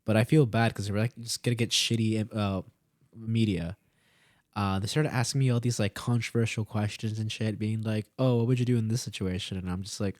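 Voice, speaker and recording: A podcast co-host in his early twenties, speaking briskly in a lowish voice, tells a profane, rambling story and animatedly acts out the quotes. The casual chat is recorded in clean studio quality with no room sound.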